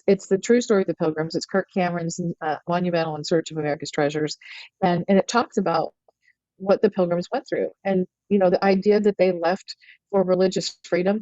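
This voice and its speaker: A middle-aged woman telling a story as a podcast guest, earnest and animated, often restarting her sentences. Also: lowish voice, dry recording. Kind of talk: storytelling in conversation. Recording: dull, lo-fi and dry.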